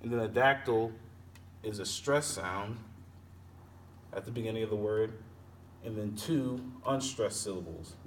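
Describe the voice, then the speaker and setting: A man teaching poetry, taking it slow and sounding out each word syllable by syllable. He sits some distance from the mic, and a faint noise hangs under his voice. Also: fairly low pitch. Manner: explains slowly, repeating and sounding out words. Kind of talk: poetry lesson explanation.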